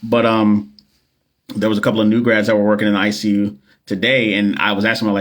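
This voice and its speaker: A man's voice: fairly low pitch, fast talker, a bit bright. A man who works as a nurse and coach, chatting loosely with viewers on a phone livestream, full of slang, jokes and fillers. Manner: loose, slangy and joking, with many fillers and repeats. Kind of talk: casual livestream chat with viewers.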